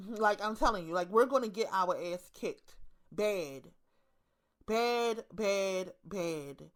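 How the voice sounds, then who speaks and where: A woman in her thirties with a Baltimore accent and a mid-range voice speaks slowly. As an online commentator, she delivers a blunt, profane, casual monologue to her viewers, hammering her points through repetition.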